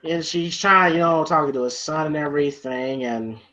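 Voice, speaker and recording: A man's voice: a little high, moderate pace, sharp tone, slight background noise. A man reviewing a movie in casual chat, rambling and full of filler words. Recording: dull lo-fi sound.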